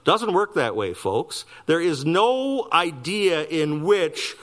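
A man's voice: sing-song, takes it slowly, a bit bright. A man preaching a sermon, emphatic with wry asides. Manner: emphatic preaching with wide swings of pitch and pace, wry asides. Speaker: pastor.

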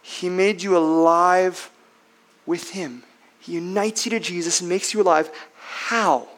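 A man preaching a sermon as pastor, emphatic, swinging between loud declarations and hushed passages, with rhetorical questions. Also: high voice, fairly even intonation, a little slow.

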